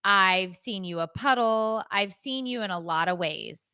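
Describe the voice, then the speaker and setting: A woman co-hosting a podcast, retelling a story in a casual, animated, self-mocking way. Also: medium pitch, a little slow, smooth. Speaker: podcast co-host.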